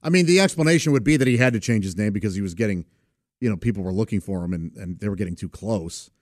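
A man's voice: lowish voice, lively intonation, fast talker, darkish tone, dry recording. Rambling man on a dry podcast. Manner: rambling, with many fillers and restarts. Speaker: podcast host and radio comedian. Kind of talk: casual podcast monologue.

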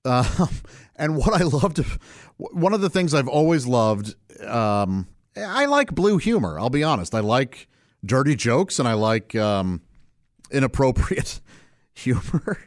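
A relaxed middle-aged male comedian talks at an easy pace in a casual interview, chuckling between thoughts. His voice sits at an ordinary middle pitch. The recording is close and dry, with no room sound. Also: no room sound. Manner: laid-back, unhurried, chuckling often. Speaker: stand-up comedian.

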